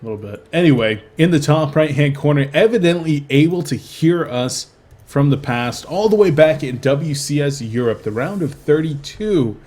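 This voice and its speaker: A man's voice: a little high, lively intonation, normal speed, darkish tone. A young man casting a video game match with a co-host, chatty and joking, rambling off topic. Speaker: game commentator. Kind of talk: casual esports commentary.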